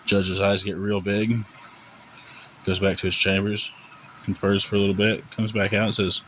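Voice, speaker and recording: A man's voice: on the low side, little pitch movement, normal speed, pauses often, fairly bright tone, slight background noise, poor audio. A man telling a long joke in a casual, rambling, conversational way. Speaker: joke teller.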